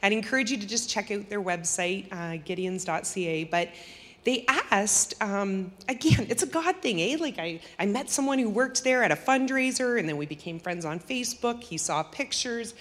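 A church member tells her group about a mission trip in a casual, chatty testimony full of laughs and filler words. Her medium-pitched voice is expressive and moves at a normal speed, with long hall reverb on the recording.

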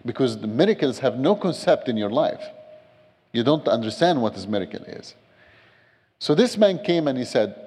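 A man's voice: medium pitch, big pitch swings, normal speed, darkish tone, husky. A middle-aged man, a guest speaker, giving his testimony in a church, telling a story with humorous asides. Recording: church hall reverb.

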